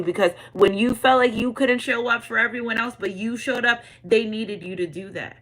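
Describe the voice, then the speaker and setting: A woman's voice: on the high side, moderate pace, a bit bright, low-quality recording. A woman giving a casual tarot reading, talking straight to her viewers in slangy, repetitive catchphrases. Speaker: tarot reader.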